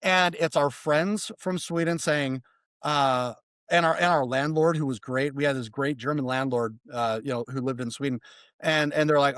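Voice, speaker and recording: A man telling a story as a podcast guest in a casual, animated way, mimicking other people and swearing freely. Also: medium pitch, moderate pace, no room sound. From United States.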